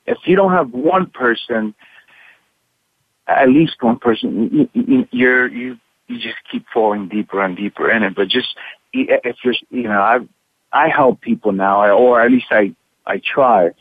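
An actor being interviewed by phone from his room, talking haltingly with many restarts and repeated words. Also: mid-range voice, expressive, vocal fry, breathy edge, dry recording. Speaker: actor guest. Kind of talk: candid interview over the phone. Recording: tinny dry phone line.

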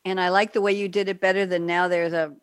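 A woman's voice: on the low side, little pitch movement, fast talker, clear, resonant tone, no room sound. Woman host, chatty, emotional, dry close sound. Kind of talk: casual interview chat. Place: home.

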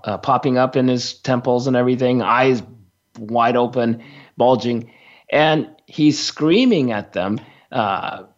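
Male storyteller, slow and halting, fillers and restarts, dull radio sound. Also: mid-range voice. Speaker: radio show guest teacher. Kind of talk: storytelling on a talk radio show.

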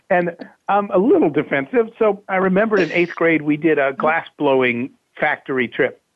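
A man, a company CEO, telling a lively anecdote in an interview, acting out voices and laughing often. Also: on the high side, normal speed. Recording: tinny phone-like line.

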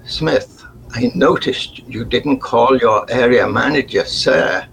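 A man's voice: mid-range voice, slow, vocal fry, a bit bright, slight background noise, low-quality recording. A man voicing a posh, patronizing male senior manager with a condescending drawl. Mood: stern.

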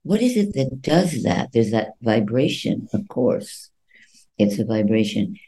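A man speaking as a guest voice coach in an interview, expressive and acting out little quoted voices. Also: lowish voice, normal speed, poor audio. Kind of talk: interview answers.

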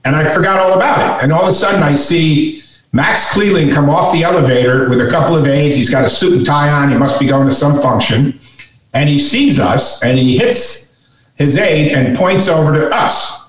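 A man's voice: fairly high pitch, moderate pace. A middle-aged man, a guest author, telling a story in conversation and animatedly acting out the voices he quotes. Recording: echoey room, voice from far off.

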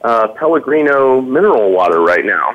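A man guesting on a radio show, chatting casually and haltingly with many ums and uhs. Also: medium pitch, very animated, muffled recording. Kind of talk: casual chat on a radio call.

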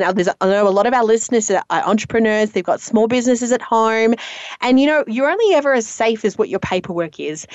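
A woman's voice: mid-range voice, no echo, dull audio. A woman co-hosting a talk radio show, chatting in an encouraging way.

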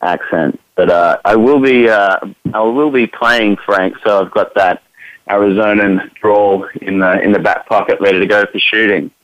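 A man's voice: fairly low pitch, fairly even intonation, normal speed, fairly bright tone, no room sound. An Australian man, an actor guest on an interview show, talking in an upbeat way and repeating words as he thinks. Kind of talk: interview answers. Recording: dull lo-fi, dry sound.

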